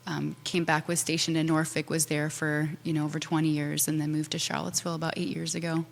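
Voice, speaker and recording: Cheerful woman in her forties from Minnesota, slightly low voice, studio reverb. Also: flat delivery, fast, creaky. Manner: cheerful, laughs often. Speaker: guest. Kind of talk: casual interview.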